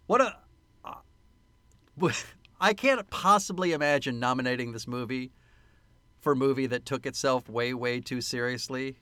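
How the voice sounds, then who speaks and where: A man's voice: mid-range voice, fairly bright tone, no room sound. A man co-hosting a podcast, chatting casually and joking about a movie, laughing often. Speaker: podcast co-host. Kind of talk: casual movie-review chat.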